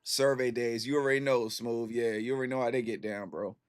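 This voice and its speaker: Brisk and clean-toned, this mid-range voice belongs to a man in his thirties hanging out with stream viewers. His animated, slangy story includes repetition to drive points home.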